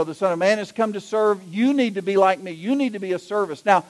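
High-voiced man preaching a folksy sermon. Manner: folksy, anecdotal, animated when telling jokes. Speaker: executive pastor. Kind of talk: sermon with storytelling.

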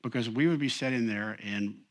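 A man's voice: mid-range voice, a little fast. Conversational male pastor, emphatic and chatty. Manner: conversational, emphatic, frequent "you know". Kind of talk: sermon.

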